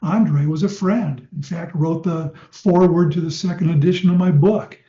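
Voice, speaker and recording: A man's voice: on the high side, mellow. Older man lecturing, roomy dull sound. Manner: conversational, anecdotal, slows for demonstration suggestions. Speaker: clinical hypnosis teacher. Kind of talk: lecture to trainees.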